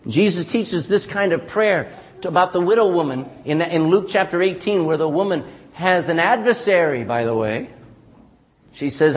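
A man pastor preaching a sermon, animated and calling out for "amen" from the congregation. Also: fairly high pitch, moderate pace. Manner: animated preaching with frequent call-and-response "amen".

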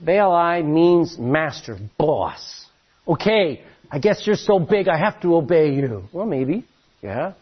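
A man preaching a sermon as pastor, telling stories in an animated way with many restarts, his voice a little husky. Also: on the high side, muffled recording.

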